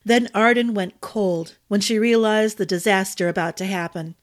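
A woman storyteller giving a measured, expressive audiobook narration. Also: mid-range voice.

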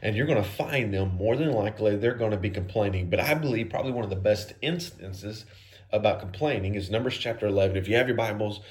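A man's voice: on the low side, fast. A man preaching a sermon in a casual, conversational style, peppered with "man.". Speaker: pastor.

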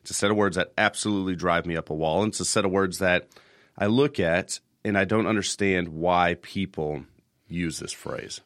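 A man's voice: sits low, normal speed, fairly bright tone, no echo, clean studio sound. A man in his thirties hosting a casual podcast, telling rambling stories and repeating words as he goes. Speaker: podcast host.

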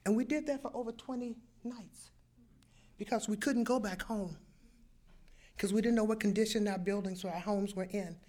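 An older woman telling a personal story, animated, acting out sounds and voices as she goes. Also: mid-range voice, normal speed.

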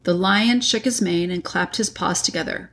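A woman reading a classic children's novel aloud in a measured, deliberate way. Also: on the low side, fairly bright tone. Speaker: reader. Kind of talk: audiobook narration.

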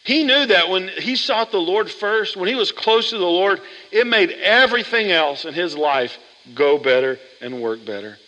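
A man pastor preaching a sermon in a church, animated and chatty, often asking the congregation questions. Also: sits high, normal speed, long reverb tail, rough recording. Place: church sanctuary.

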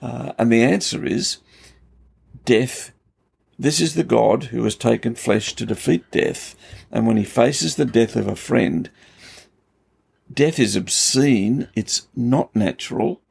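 A man's voice: medium pitch, slow, vocal fry, darkish tone, slightly rough. A man, a pastor, explaining scripture in an earnest, emphatic conversational way. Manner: earnest, emphatic storytelling with rising intensity. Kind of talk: conversational Bible teaching.

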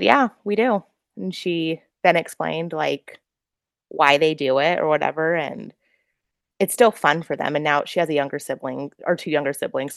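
A woman co-hosting a podcast, chatting casually at home with many fillers and a lively, talkative manner. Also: deep voice, vocal fry, no echo, clean studio sound. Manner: chatty, lots of fillers, laughs often. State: out of breath. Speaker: podcast co-host. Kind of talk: casual chat. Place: at home, away from a room with the kids.

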